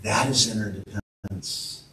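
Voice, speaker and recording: A man's voice: lowish voice, measured pace, bright, forceful tone, slight background noise. Earnest male pastor in an echoey church. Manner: earnest, emphatic, calls out to the congregation. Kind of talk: sermon with storytelling. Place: church sanctuary. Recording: echoey church room from a distance.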